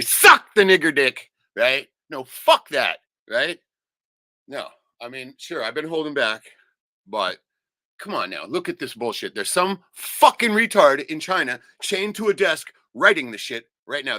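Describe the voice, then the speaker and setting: A man's voice: mid-range voice, sharp tone, no room sound, studio quality. A man hosting a livestream, delivering an angry, profane rant and swearing constantly. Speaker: livestream host. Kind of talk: angry ranting monologue.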